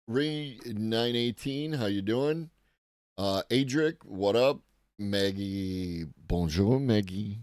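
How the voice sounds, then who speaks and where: Brief: man hosting a morning tech-news stream, unhurried and offhand, slightly low-pitched. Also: a little mellow, no echo, clean studio sound. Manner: casual, rambling, profane, greets chat viewers. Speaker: live-stream host.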